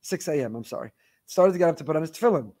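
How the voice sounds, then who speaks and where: A man teaching a Torah class, reading listener emails aloud in an animated storytelling way with wry asides. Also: a little high, very fast.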